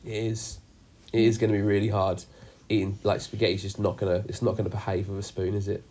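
Husky-voiced man leading chat. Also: lowish voice, level tone, fast, a little mellow. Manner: jokey, rambling with many fillers. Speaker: youth group leader. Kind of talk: casual group chat on a video call. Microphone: video call.

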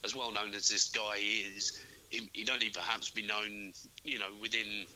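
A man's voice: fairly low pitch, flat delivery, normal speed, bright, forceful tone, a little hiss or hum, poor audio. A man, co-hosting a casual sports podcast, talking hesitantly with many fillers and restarts. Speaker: podcast co-host. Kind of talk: casual chat.

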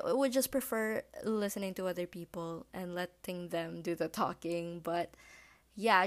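Filipino teen girl doing a solo podcast at home late at night, chatty, rambly, lots of ums. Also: medium pitch. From Philippines. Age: late teens. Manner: rambling, chatty and self-conscious, with many fillers. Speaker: podcast host. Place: home living room at night.

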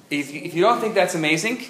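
A man speaking as a rabbi, giving a live lecture and telling jokes with lively storytelling. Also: high voice. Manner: animated joke-telling storyteller. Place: community center lecture hall. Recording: echoey hall, faint noise.

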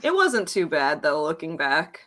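A woman's voice: low-pitched, big pitch swings, moderate pace, pushed and bright. A young woman co-hosting a podcast in casual chat, chatty and laughing often, with lots of fillers. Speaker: podcast co-host.

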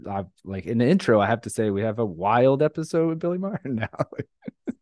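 A man's voice: medium pitch, fairly quick, darkish tone, no room sound, studio quality. A middle-aged man hosting a podcast, chatting in a rambling way and laughing often. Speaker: podcast host. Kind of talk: casual podcast chat.

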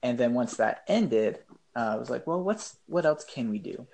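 A man chatting as a guest on a podcast, hesitant and filling pauses with ums. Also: mid-range voice, animated, gravelly, a little mellow. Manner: hesitant, lots of ums, laughs easily. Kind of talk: casual chat.

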